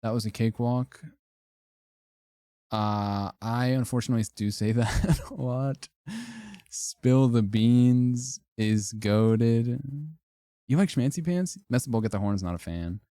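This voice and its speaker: A man's voice: on the low side, animated, moderate pace, warm tone, no echo, studio quality. A young man streaming casual commentary, reacting offhand and wryly to phrases he ranks, with frequent swearing and laughter.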